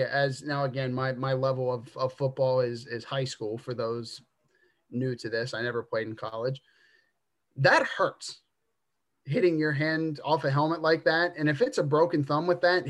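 A man co-hosting a casual sports podcast, rambling through his takes with lots of stammered restarts. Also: mid-range voice. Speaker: podcast co-host.

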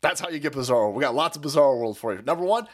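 A man's voice: mid-range voice, animated, very fast. A man in his thirties hosting a stream, ranting about politics in a profane, mocking way and slipping into silly voices. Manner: foul-mouthed, mocking, puts on silly voices. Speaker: podcast host.

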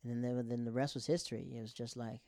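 A man in his thirties telling a casual personal story about a friend's late father, halting and restarting often, in a grieving state. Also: medium pitch, little pitch movement, dark tone, no room sound, studio quality. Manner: rambling, halting, with many restarts.

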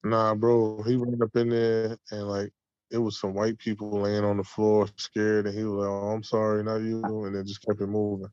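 A man's voice: on the low side, completely flat delivery, normal speed, a little mellow, clean tone, no room sound. A laid-back man talking casually and swearing freely, as a podcast co-host. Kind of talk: casual chat. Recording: dull lo-fi sound.

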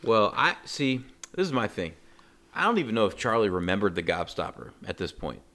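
A man co-hosting a podcast, sharing relaxed thoughts on a movie. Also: lowish voice, fairly quick. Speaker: podcast co-host. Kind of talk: casual movie discussion.

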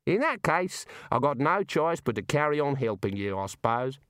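Storybook kangaroo, male, blunt and dry, read by a man; lively delivery, dry close sound. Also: medium pitch, moderate pace, no room sound, pitched above the performer's own voice.

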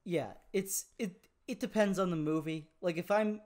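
A man's voice: sits high, moderate pace, a little mellow. A young man co-hosting a movie podcast, chatting casually and laughing often. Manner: laid-back, laughs often. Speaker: podcast co-host. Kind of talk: casual chat.

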